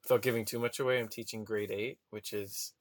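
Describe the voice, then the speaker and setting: Low-voiced, easygoing man. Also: a little fast. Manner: relaxed, full of fillers like "um" and "like", wry. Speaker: podcast co-host, new teacher. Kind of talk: casual chat.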